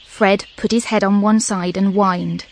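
Woman narrator for a children's audiobook, expressive, mid pitch. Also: measured pace. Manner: lively, expressive storytelling.

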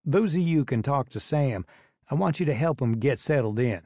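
A man's voice: medium pitch, lively intonation, normal speed, warm tone, no room sound, clean studio sound. A man voicing a stern, folksy man in charge of teenage boys. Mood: commanding. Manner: authoritative, folksy. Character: stern Southern man running a boys' home.

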